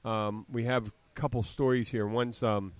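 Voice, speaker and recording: A man in his fifties from the southern United States hosts a casual podcast chat. He rambles from story to story and slips into quick voice impressions when he retells them. His voice sits at an ordinary male pitch, recorded close and dry with no room sound. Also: flat delivery, dry recording. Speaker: podcast host.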